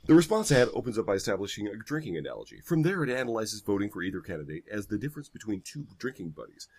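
A man's voice: lowish voice, sing-song, very fast, darkish tone. A man reading an ad description aloud with sardonic, mocking asides. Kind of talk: casual comedic reading and chat.

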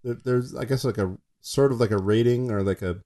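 A man's voice: medium pitch, fairly quick, dark tone. A man on a comedy podcast, bantering in a rambling, goofy way.

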